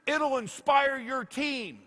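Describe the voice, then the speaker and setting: A man's voice: very high voice, slow, bright, forceful tone. A man giving a motivational speech to an audience, telling stories and acting out what people said to him. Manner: storytelling, acting out quoted dialogue. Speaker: motivational speaker. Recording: echoey hall.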